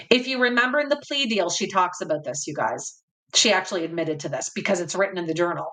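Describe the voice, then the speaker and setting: A woman's voice: a little high, animated, brisk, bright, forceful tone, rough recording. A woman hosting a channel, reading journal excerpts aloud and adding somber, dismayed comments to her viewers. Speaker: host.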